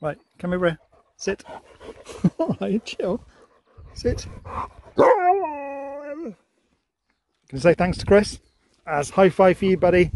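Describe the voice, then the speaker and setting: Cheery young bloke, chatty dog-owner vlogger, slightly high voice, laughs a lot. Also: male voice, a little mellow, a little hiss or hum. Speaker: dog owner thanking viewers for gifts. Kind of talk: casual vlog chat to camera and dog.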